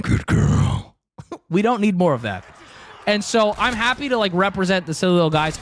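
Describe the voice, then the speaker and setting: A man's voice: high-pitched, a bit bright, a little hiss or hum. A young man livestreaming, chatting casually with viewers in a joking, rambling way. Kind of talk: casual stream chat with viewers.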